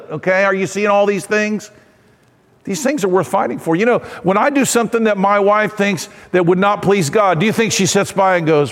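A male pastor with a high voice, preaching in an animated, conversational manner and often checking that his listeners follow. His voice rings through a church sanctuary with a long, lingering reverb. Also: brisk. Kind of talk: sermon.

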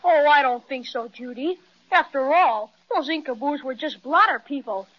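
A woman's voice: high-pitched, normal speed, natural voice. An actress voicing a brave young boy in an old radio play, eager and folksy. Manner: eager, folksy kid talk. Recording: dull old radio recording.

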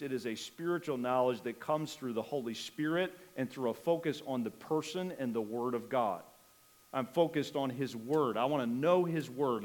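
A man's voice: medium pitch, poor audio. A man preaches a sermon as pastor, speaking into a microphone in a church. He presses his points with emphatic rising questions and repeated words. Now and then he eases off with a light, joking aside.

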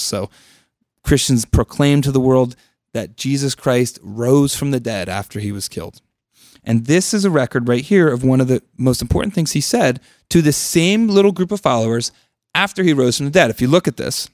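A man's voice: mid-range voice, a little mellow, dry recording, clean studio sound. A man leading a Bible study in a casual teaching style, conversational, with joking asides and questions to the group.

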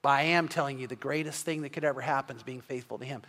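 A man's voice: medium pitch, fairly even intonation, fast talker, sharp tone. A man preaching an evening sermon, telling stories earnestly and often restarting his sentences. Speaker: pastor. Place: church sanctuary. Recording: long reverb of a church hall.

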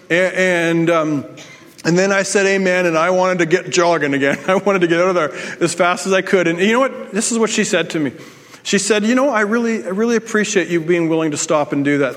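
A man's voice: high voice, fairly bright tone, in a large hall. A male pastor telling a personal story in a sermon, with self-deprecating humor and frequent restarts.

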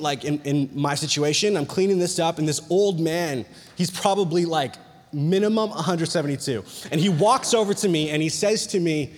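A young man preaching a sermon in a casual, animated way, telling a story and peppering it with "like". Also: fairly high pitch, long reverb tail. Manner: animated, chatty storytelling with many "like"s.

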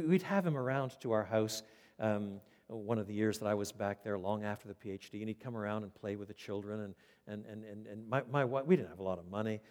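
A man preaching an expository sermon, animated and emphatic, often repeating words as he builds momentum. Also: on the low side. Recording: echoey hall.

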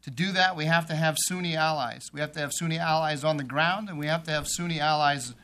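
A man speaking on a policy panel, with a voice that sits a little higher than most men's. He argues emphatically, circling back and repeating phrases to drive his point home. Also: fast, sharp tone. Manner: emphatic, repeats phrases while building an argument.

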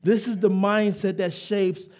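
A male preacher with a strikingly high voice delivers a live sermon. He is emphatic, swells into shouts, and leads the congregation in call and response with playful asides. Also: flat delivery, unhurried.

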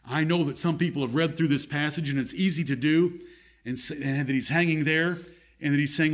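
A man's voice: on the high side, brisk. A man preaching a sermon as pastor, reading scripture aloud with strong emphasis.

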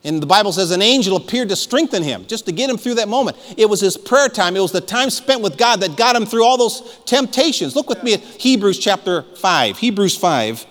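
Fiery high-voiced preacher man. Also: expressive, brisk, hardly any pauses. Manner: fiery, rising to shouts, calls for amen. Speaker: pastor. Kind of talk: sermon. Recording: long hall reverb.

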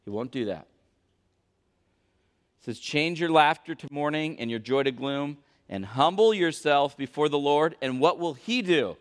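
A man preaching a sermon as pastor, questioning the congregation and swinging between loud emphasis and hushed intensity. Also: on the high side, lively intonation, measured pace, clear, resonant tone. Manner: questions the congregation and calls for answers. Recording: long reverb of a large hall.

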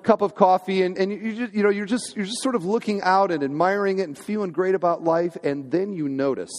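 Brisk and nearly pause-free, a man with a high-sitting, darkish voice preaches to his congregation. He's a senior pastor keeping things conversational and humorous, regularly asking the hall questions, and the recording carries the long reverb of a church sanctuary.

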